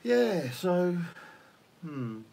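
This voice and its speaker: A man's voice: sits high, big pitch swings, very slow, vocal fry, mellow. A man from England, joking crudely while co-hosting a casual livestream chat. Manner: joking, crude, slips into silly mock-French voices. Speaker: livestream co-host.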